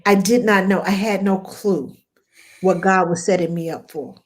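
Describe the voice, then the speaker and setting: A woman's voice: fairly low pitch, normal speed. Southern-accented woman podcast host. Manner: animated storytelling with acted quotes; folksy, self-deprecating. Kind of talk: casual conversational interview.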